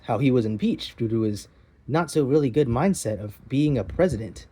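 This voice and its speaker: A man's voice: medium pitch, lively intonation, normal speed, dark tone, husky, no room sound. A man hosting a mock news broadcast in a plush comedy skit, rambling and mock-serious with many self-interruptions. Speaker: host of a plush comedy channel.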